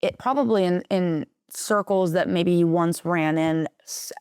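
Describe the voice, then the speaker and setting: A woman's voice: lowish voice, measured pace, darkish tone, clean tone, no room sound, studio quality. A woman who is a musician, a guest on a comedy podcast, musing in a thoughtful, rambling way. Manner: thoughtful, rambling, laughs easily. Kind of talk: casual chat.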